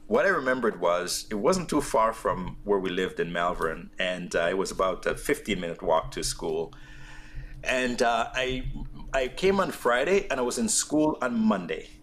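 A man from Jamaica, a guest in an interview, telling his story in a reflective, plainspoken way with frequent pauses. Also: fairly low pitch, expressive, a bit bright, a little hiss or hum.

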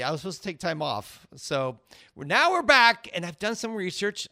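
Upbeat bright-voiced male podcast host. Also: on the high side, smooth. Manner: upbeat, jokey. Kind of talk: casual podcast chat.

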